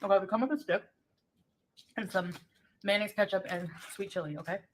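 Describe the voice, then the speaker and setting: A woman's voice: medium pitch, steady tone, brisk, slight background noise. A woman doing a mukbang food review, chatting casually about each snack as she eats it. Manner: chatty, describing food while eating. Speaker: food vlogger.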